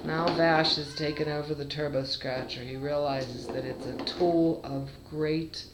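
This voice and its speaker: A woman's voice: sits low, steady tone, a little slow, roomy sound, background noise. A cat breeder chatting fondly to her kittens in a casual home video, with baby talk in between.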